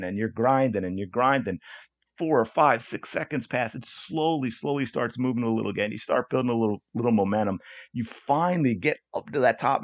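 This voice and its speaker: A man's voice: mid-range voice, no echo, highs cut off. A man hosting a solo coaching podcast, talking in an earnest, repetitive way with frequent restarts. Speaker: podcast host and soccer coach.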